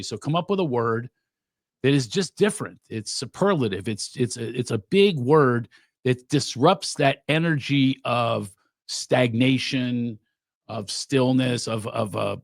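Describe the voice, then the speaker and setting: Middle-aged male comedian, gravelly voice, lively storyteller, dry close sound. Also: mid-range voice, no room sound. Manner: animated storyteller, acts out quotes. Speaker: guest comedian. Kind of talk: casual podcast chat.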